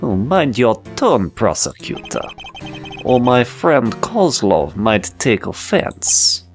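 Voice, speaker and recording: A tiny elderly mob boss, put on by a man in a thick mock Russian-Italian accent. He talks slowly and with calm menace, his lines drawn out. The pitch swings widely, and faint game music plays behind. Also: heavily acted. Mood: menacing. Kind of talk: let's play voice acting.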